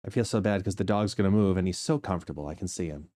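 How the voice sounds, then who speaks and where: A man's voice: low voice, rapid-fire, warm tone. A man streaming a game live, sleepy and yawning, chatting casually with viewers by name and talking to his dog.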